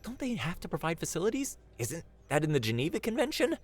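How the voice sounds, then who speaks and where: A man voicing a flustered, panicky young man who babbles nervously and squeaks when desperate. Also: wildly swooping pitch, fast talker, soft background music.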